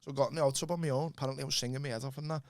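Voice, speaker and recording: Man, gravelly voice, quick rambling anecdotes. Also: mid-range voice, steady tone, darkish tone. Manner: rambling anecdotes, laughing often. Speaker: podcast co-host. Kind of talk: casual chat.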